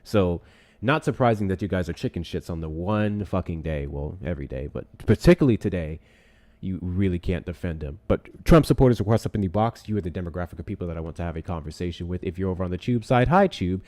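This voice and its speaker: Young man, live-stream host, slightly low voice, sarcastic, profane, casual reading and reacting. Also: expressive, quick pace, a little mellow. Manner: profane, sarcastic, reads text aloud and reacts.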